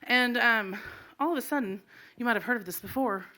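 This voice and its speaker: Bright-voiced woman telling a comic story. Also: on the high side, fairly quick. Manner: animated, laughing as she tells it. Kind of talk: live comedic storytelling. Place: live stage before an audience.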